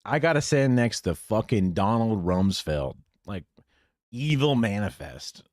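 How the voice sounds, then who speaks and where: A man's voice: fairly low pitch, big pitch swings, measured pace, darkish tone, dry recording, clean studio sound. A man reacting to videos on a live stream, swearing constantly and mocking the people in the clips with put-on voices.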